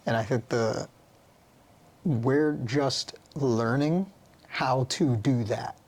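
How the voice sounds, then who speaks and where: A man's voice: medium pitch, extremely slow, a little mellow. Earnest, slangy man musing casually. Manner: earnest, musing, with easy laughs; loose, slangy phrasing. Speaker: podcast guest. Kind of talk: casual reflective conversation.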